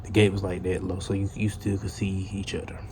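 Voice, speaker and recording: Low flat-voiced man telling a story. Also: a little fast, very noisy. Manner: profane, rambling retelling with restarts. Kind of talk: casual storytime monologue.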